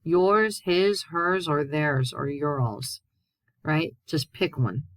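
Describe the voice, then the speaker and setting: Speaking slowly, a woman with a deep, dark-tinged voice teaches a Spanish grammar lesson that was recorded in class. Every example is read out and then translated with patience. The recording sounds dry and intimate, free of reverb.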